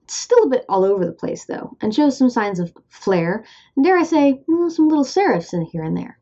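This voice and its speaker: A woman's voice: a little high, sing-song, a little fast, dark tone, muffled recording. A woman with a Midwestern accent hosting an educational explainer, upbeat and playful with asides. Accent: American Midwestern. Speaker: host.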